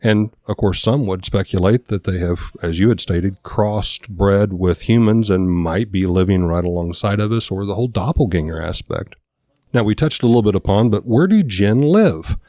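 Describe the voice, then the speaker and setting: Male podcast co-host, low mellow voice, dry close sound, casual reading from notes. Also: dry recording. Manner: reads notes aloud, stumbles over names.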